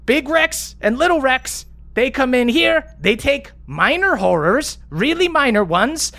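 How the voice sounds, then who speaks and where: A brash, foul-mouthed woman inventor , put on by a man running a tabletop game rattles off excuses in a high voice. She sounds defensive and frazzled. Her pitch swoops up well above the player's own register. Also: lively intonation, measured pace, creaky, bright, forceful tone, exaggerated voice. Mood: flustered. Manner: high-pitched, cursing, flustered rambling. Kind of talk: tabletop role-play character voice.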